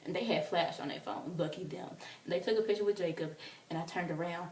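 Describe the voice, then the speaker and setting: A young woman telling a story to camera in a casual, animated way, acting out quotes in squealing voices. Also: fairly low pitch, fast, distant mic. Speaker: vlogger. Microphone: camera mic from a distance. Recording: roomy, off-mic, faint hiss.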